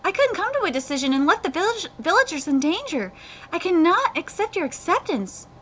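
An earnest, humble teenage swordsman boy, read aloud by a woman. The delivery is high and lively, with a bright edge. It is plain manga read-aloud rather than acting. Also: brisk, slight background noise, heavily acted. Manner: reads manga dialogue aloud in her own voice.

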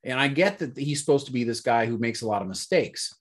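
A man's voice: mid-range voice, animated, a little fast. A man co-hosting a casual movie review chat, rambling and searching for words with lots of fillers. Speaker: podcast co-host.

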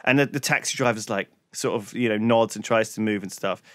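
This podcast co-host talks a little fast in a lowish, fairly bright voice, recounting a long tale in easygoing chat full of swearing. It's a clean studio recording with no room sound.

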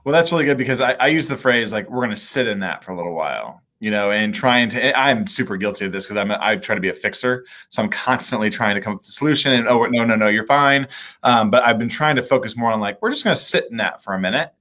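A man's voice: medium pitch, lively intonation, fast talker, sharp tone. A man from Indiana hosting a video-call conversation, talking casually and candidly with fillers and restarts. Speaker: mayor, show host.

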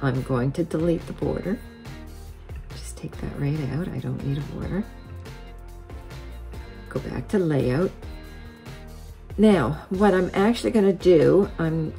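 A woman hosting a quilting software tutorial, explaining each step methodically as a voice-over. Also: sits low, vocal fry.

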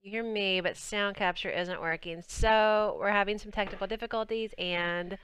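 On her game livestream, a young woman with a Southern US accent keeps up bubbly, casual chat with viewers while playing. She speaks at a moderate pace in a mid-range, fairly bright voice with fairly even intonation, over slight background noise.

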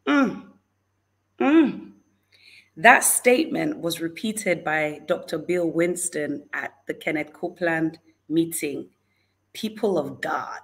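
A woman hosting a livestream, giving an animated, exclamatory faith talk and greeting viewers in the chat. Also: lowish voice, a little slow. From Nigeria. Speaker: livestream host.

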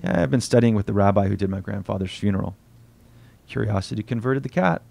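A man reading aloud from his own novel at a bookstore event, quiet and unhurried, voicing the dialogue softly. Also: lowish voice, vocal fry, no room sound.

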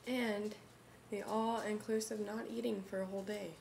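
A woman's voice: medium pitch, flat delivery, normal speed, creaky, darkish tone, slight background noise. A woman vlogger in casual chat, chiming in and finishing her friend's sentences.

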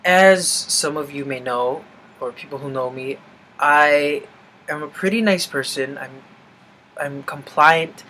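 A young man venting in a casual vlog, animated and swearing freely. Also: fairly high pitch, takes it slowly, a little hiss or hum, low-quality recording. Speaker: vlogger.

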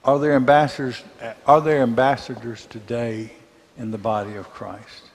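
A man from Mississippi with a Southern accent, teaching a church Bible class in a conversational way, asking the class questions and pausing on fillers. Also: medium pitch, level tone, in a large hall, a little hiss or hum.

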